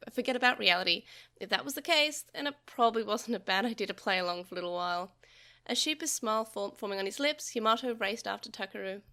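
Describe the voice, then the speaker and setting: A young adult woman reading a novel aloud for a podcast, telling the story in a lively way with small slips and restarts. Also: a little high.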